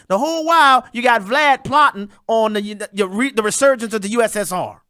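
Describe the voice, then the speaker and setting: Commentary host, sarcastic and mocking, very lively pitch, bright cutting tone, dry close sound. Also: fairly quick, few pauses, no echo. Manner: sarcastic, mocking, talks straight to listeners. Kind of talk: animated political commentary monologue.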